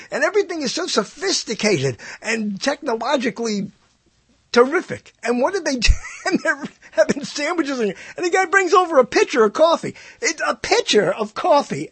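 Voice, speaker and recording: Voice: mid-range voice, husky, dry recording. A solo vlogger talking in a casual, rambling monologue, digressing often and acting out quoted lines.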